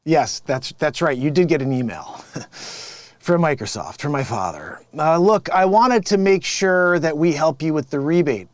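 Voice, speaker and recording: An improv comedian plays a sleazy male phone scammer boss posing as a tech rebate agent, smugly mocking coworkers, conning callers and laughing at his own lines. His voice is on the high side with lively intonation and a measured pace. The recording is dry.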